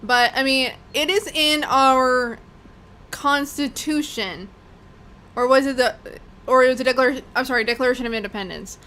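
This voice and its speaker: Casting: bright, high-pitched woman host, blunt, swears casually. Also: moderate pace. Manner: blunt, profane, animated. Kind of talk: casual political chat.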